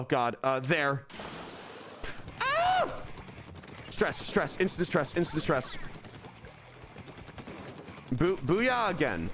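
A man giving live commentary as he plays a video game, excitable, jumping from low muttering to sudden yelps and repeating phrases over and over. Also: a little hiss or hum. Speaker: streamer.

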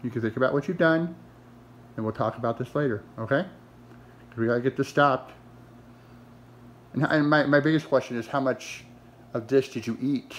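A man's voice: medium pitch, normal speed, long pauses, a little hiss or hum. A man scolding his dog in a mock-stern, exasperated, sarcastic way, talking to it like a person.

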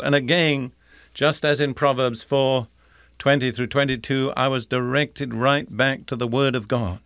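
An older man teaching the Bible in a deliberate, emphatic sermon style, repeating key phrases. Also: medium pitch, fairly even intonation, fairly bright tone, clean tone, no echo, clean studio sound.

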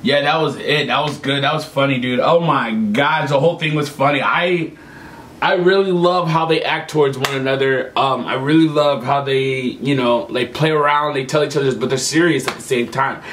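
A young man hosting a reaction video, chatting casually and excitably to his viewers in slangy speech. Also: mid-range voice, moderate pace, a little hiss or hum.

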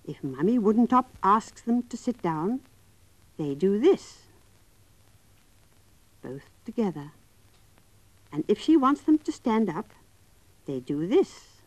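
Gentle woman telling a children's story. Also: medium pitch, big pitch swings, slow, long pauses, no room sound. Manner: gentle, coaxing, talks directly to children. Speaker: narrator. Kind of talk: scripted storytelling for young children.

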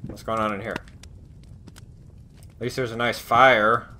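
A man's voice: lowish voice, little pitch movement, a little slow, noisy background. A man commentating a horror game as he plays, with profane, snarky reactions. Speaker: gaming video host.

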